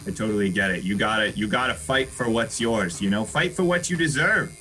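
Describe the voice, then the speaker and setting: A man playing a friendly, accommodating tattoo artist in an improv comedy scene, full of fillers and quick agreement. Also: lowish voice, sharp tone, rough recording.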